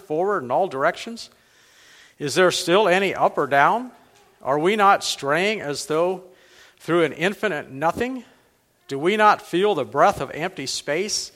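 A frantic madman fires off anguished, rhetorical questions, as a man reading aloud puts him on. The voice sits a little high for a man and rings with long reverb from a large hall. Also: fairly bright tone. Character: frantic grieving male madman crying out.

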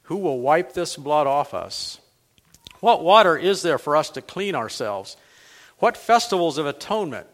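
A man's voice: on the high side, big pitch swings, normal speed, fairly bright tone, voice pushed up. A man reading aloud the part of a frantic, grieving male madman who cries out urgent questions. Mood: anguished. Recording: long hall reverb.

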